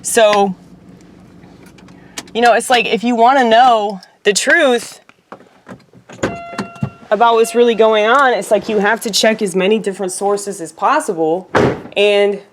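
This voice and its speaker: Background noise accompanies a woman vlogger's casual, meandering monologue to camera, full of profanity and filler words. Her mid-range voice holds a steady tone at a measured pace, with long pauses.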